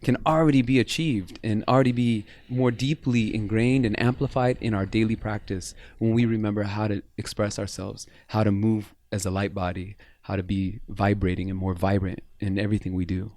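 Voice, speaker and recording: A man's voice: on the low side, steady tone, fairly quick, few pauses, darkish tone, no room sound. A man talking as a podcast guest about bodywork and breath, earnest and flowing, sometimes guiding the listener through breathing. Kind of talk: casual interview chat.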